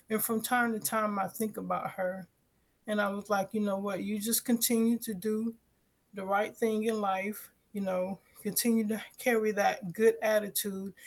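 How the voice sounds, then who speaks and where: A woman's voice: medium pitch, gravelly. A woman on a talk show casually telling a personal story, acting out the voices of the people in it. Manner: animated, acts out quoted dialogue.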